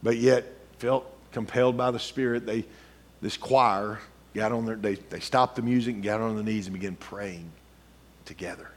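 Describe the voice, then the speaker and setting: A middle-aged man preaching a sermon, telling a story quietly, then building into rising, urgent preaching. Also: fairly low pitch, steady tone, moderate pace.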